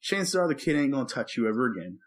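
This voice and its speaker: A man telling a story on a podcast in a relaxed, chatty way, with a mid-range voice. He acts out the quoted lines, sometimes breaking into snatches of song, then drops back to a low, steady tone. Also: fast. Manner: animated storyteller who acts out quotes and sings movie lines. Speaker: podcast co-host, preacher. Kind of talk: casual chat, storytelling.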